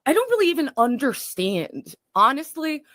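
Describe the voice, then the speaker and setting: A woman's voice: sits high, sing-song, moderate pace, fairly bright tone, no room sound, clean studio sound. A woman talking casually on her livestream, scattered and rambling.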